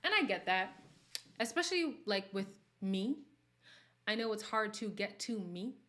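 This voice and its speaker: A woman hosting a casual livestream, reading viewer comments and talking frankly, her voice jumping from loud outbursts to soft near-whispers. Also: mid-range voice, expressive, measured pace. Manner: candid and sassy, swings between loud bursts and near-whispers. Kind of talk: casual chat.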